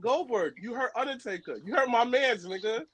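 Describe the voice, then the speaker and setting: A man talking wrestling on a podcast, animated and profane, full of slang. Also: extremely high pitch, normal speed, over a noisy crowd. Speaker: podcast co-host. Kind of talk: casual chat.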